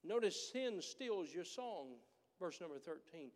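A man's voice: high voice, big pitch swings, unhurried, a little mellow, long reverb tail. A man preaching a sermon as pastor, with a manner that builds into emphatic, repeated declarations. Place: church sanctuary.

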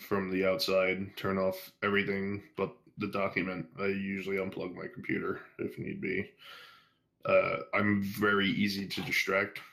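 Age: adult. Sex: man. Pitch: very deep. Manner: rambling, profane, joking. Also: creaky, fairly bright tone. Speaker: podcast guest, fan fiction writer. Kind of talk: casual interview chat.

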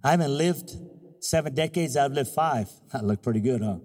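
Man, 50s, pastor; lively sermon delivery, breathy tenor edge. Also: medium pitch, normal speed, long reverb tail. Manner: animated, joking preacher who acts out little scenes.

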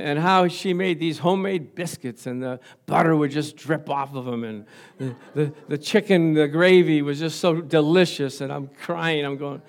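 Older man, pastor, humorous sermon, storytelling, frequent laughter, slightly high voice. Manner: storytelling, laughs often, calls "Amen?" to the congregation. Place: church.

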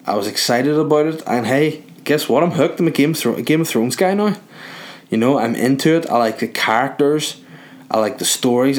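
A young man from Northern Ireland with a Northern Irish accent, rambling through a crude comic monologue while relaxing in bed. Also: mid-range voice. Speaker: vlogger.

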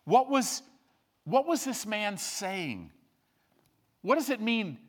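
A middle-aged male pastor preaching a sermon, dropping to hushed low asides and rising to loud peaks. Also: very animated, slow, long pauses.

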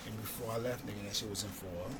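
A man's voice: on the low side, fairly even intonation, quick pace, a crowd in the background. A man telling stories in casual podcast chat, loose and full of slang and swearing. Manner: loose storytelling with slang and profanity.

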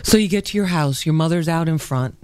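A man asking calm, probing interview questions. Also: fairly high pitch, fairly quick, smooth, dry recording, clean studio sound.

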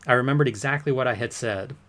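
A man's voice: mid-range voice, fast talker, fairly bright tone, natural voice. A man playing a witness under cross-examination who answers with curt, defensive denials in a courtroom transcript reading. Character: defensive male witness testifying under oath.

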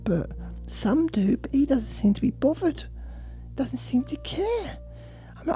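Whiny high neglected dog. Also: male voice, mellow, full character voice. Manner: whiny, complaining, half-whispered. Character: bored whiny neglected male pet dog.

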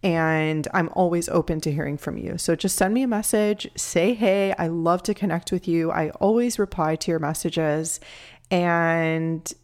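A woman's voice: on the low side, measured pace, a little mellow. A woman in her thirties hosting a solo podcast, talking in an earnest, heartfelt and encouraging way as a nutrition coach.

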